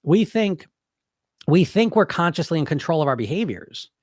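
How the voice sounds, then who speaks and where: A man's voice: on the high side, sing-song, moderate pace, dry recording, clean studio sound. A middle-aged man with a stuffy head cold, hosting a casual podcast, talking bluntly and rambling with many fillers. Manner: blunt, rambling, lots of "you know" fillers. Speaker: podcast host and hypnotist weight coach. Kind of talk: casual live-stream talk answering questions.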